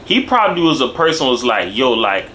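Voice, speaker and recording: A young man in casual reaction commentary, talking in animated street slang and tagging his lines with "bro" and "dog". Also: a little high, quick pace, a little hiss or hum. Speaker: video commentator.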